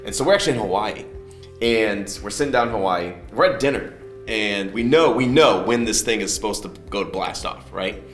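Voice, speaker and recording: A man telling a story as a guest in a conversational interview, animated and quick to laugh. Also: on the low side, echoey room, faint music behind. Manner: animated, acts out other people's lines, laughs often.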